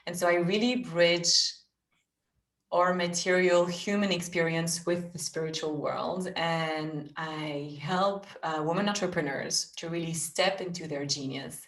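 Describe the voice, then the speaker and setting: A woman from Belgium talks as a podcast guest, her French accent clear in each word. Her voice sits low and soothing. The room gives back a roomy echo. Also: steady tone, measured pace. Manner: soft, soothing, laughs often. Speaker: guest, spiritual business mentor. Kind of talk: podcast interview.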